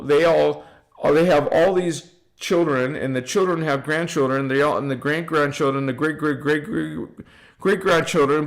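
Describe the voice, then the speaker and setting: A man giving an informal spiritual talk to viewers, emphatic and repetitive, chanting affirmations and lists of names. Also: a little high. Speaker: spiritual channel host.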